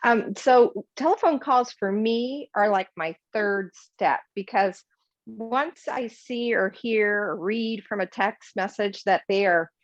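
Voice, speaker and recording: A woman's voice: medium pitch, slow pace, no room sound. A woman joins a team call to share how she works, explaining it step by step in a friendly, casual way. The call audio is dull and lo-fi. Her voice sounds dry and close, with no room around it. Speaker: team member sharing tips on a call. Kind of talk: casual group call talk. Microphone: video call.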